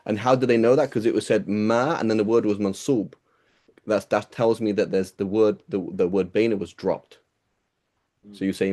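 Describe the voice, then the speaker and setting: A man's voice: fairly low pitch, steady tone, normal speed, dark tone. A man teaching a small class, reading and explaining texts in a casual, rambling way and asking his students rhetorical questions.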